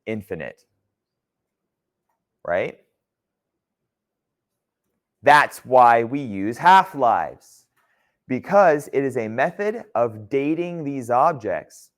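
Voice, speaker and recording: A man teaching a geology class in a conversational lecture style, often checking in with his students. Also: mid-range voice. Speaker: geology instructor.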